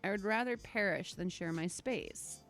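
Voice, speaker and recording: A haughty, scornful male Grim Reaper from a dating game, his lines delivered dry and dismissive, as a woman reads them aloud. The pitch sits in an ordinary middle range, and faint music plays underneath. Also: moderate pace, fairly bright tone, close to an everyday voice. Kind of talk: reading game dialogue aloud.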